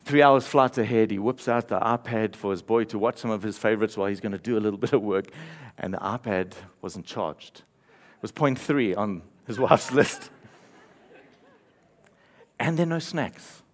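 A man's voice: fairly low pitch, moderate pace. A man preaching a sermon, telling a story with playful asides and light laughter. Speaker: pastor.

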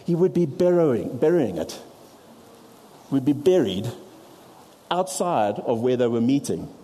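A man preaching to a congregation, his voice mellow and dark in tone. He explains patiently and steps aside now and then to poke fun at himself. Long reverb hangs around his words in the hall. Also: mid-range voice, sing-song, takes it slowly. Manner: explains with props, self-deprecating asides. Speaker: pastor. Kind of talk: sermon.

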